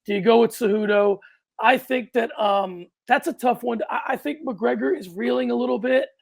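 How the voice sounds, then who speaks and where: A man co-hosting a casual sports podcast with a gravelly edge to his voice. He talks in an animated, rambling way, often restarting his sentences and breaking into loud outbursts. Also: very high-pitched, moderate pace. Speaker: podcast co-host.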